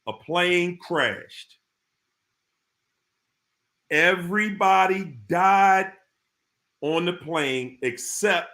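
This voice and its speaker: A man with a fairly high, fairly bright voice hosts a casual live stream about narcissists. He speaks directly to his viewers in informal slang, repeating his points for emphasis.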